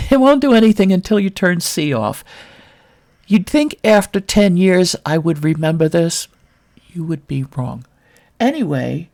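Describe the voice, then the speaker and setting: Gravelly woman from brooklyn doing a laid-back modeling tutorial, wry little asides. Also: lowish voice, a little mellow. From Brooklyn, New York. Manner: thinking aloud, wry and self-mocking. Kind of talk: casual screen-share tutorial.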